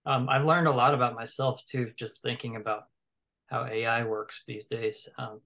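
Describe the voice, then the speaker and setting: A man's voice: mid-range voice, fairly even intonation, normal speed, creaky, sharp tone. A man talks in an easygoing conversation. He thinks aloud as he goes, full of fillers, restarts and loose asides. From American South. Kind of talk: casual conversation.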